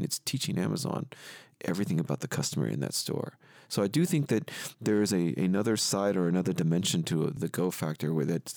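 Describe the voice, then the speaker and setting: A man speaking as a guest expert in a podcast interview, explaining at length in a measured way. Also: deep voice, vocal fry, darkish tone, no room sound, clean studio sound. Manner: measured, explanatory, often adds "if you will". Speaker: guest expert on retail technology.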